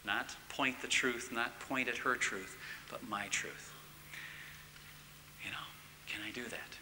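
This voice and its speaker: A middle-aged man giving a church teaching talk, swinging from loud emphatic bursts to hushed near-whispers. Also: medium pitch, slow pace, noisy background. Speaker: marriage course speaker. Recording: long reverb in a large hall.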